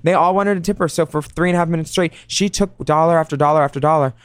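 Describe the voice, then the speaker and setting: A man co-hosting a podcast as a drag performer, chatting casually with campy, giggly, animated storytelling. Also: a little high, fast talker, clear, resonant tone, no echo. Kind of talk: casual chat.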